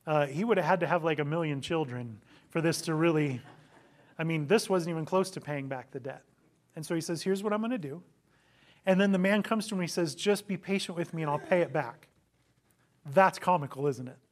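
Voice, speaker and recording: Guy with a high voice preaching, dramatic storyteller, keeps asking the crowd questions. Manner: dramatic storytelling, acting out quotes, rhetorical questions. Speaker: pastor. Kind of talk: sermon.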